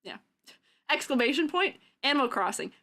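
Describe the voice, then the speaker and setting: A young woman streamer in casual chat, giggling often and breaking into silly yells and cartoonish sound-effect noises. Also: high-pitched, big pitch swings, moderate pace, vocal fry.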